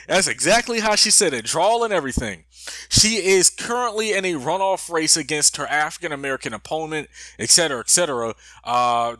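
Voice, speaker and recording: Male commentator, bright and higher-pitched, sarcastic conversational delivery. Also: dry recording. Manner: conversational, sarcastic, with frequent restarts and fillers. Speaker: commentary video host. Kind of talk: casual political commentary.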